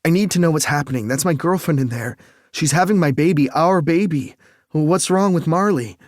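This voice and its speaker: A man's voice: on the high side, moderate pace, no room sound, clean studio sound, lightly acted. A man voicing a panicked young expectant father in an audiobook. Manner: panicked, raised voice. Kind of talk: audiobook character dialogue.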